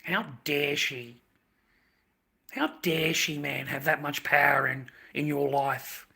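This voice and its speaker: A man rants on a live stream in a gravelly, husky voice with a tense, sharp edge. He is agitated, circles back to the same phrases, stammers and swears as he talks. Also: on the high side, steady tone, slow. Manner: agitated, repeats phrases, swears, stumbles over words. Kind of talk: emotional livestream rant.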